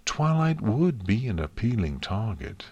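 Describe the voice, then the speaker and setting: A stern pony princess with a low, curt and harsh delivery, close to a deep-voiced reader's own tone, as a man puts her on. She speaks slowly in a dry, close storybook recording. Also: very animated, a little mellow, slightly rough, dry recording, dull audio, exaggerated voice. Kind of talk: audiobook fan fiction reading.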